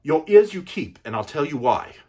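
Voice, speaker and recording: A man's voice: a little high, big pitch swings, moderate pace, darkish tone, slightly rough, voice pushed up. A man voicing a weak but defiant young male hero who taunts his enemy in a one-man film recital. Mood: taunting. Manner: taunting, scornful.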